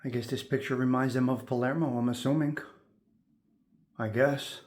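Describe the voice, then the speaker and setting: A man tours an old house room by room for his viewers, speaking at a moderate pace in a mid-range voice with fairly even intonation. Full of admiration, he tends to repeat his words.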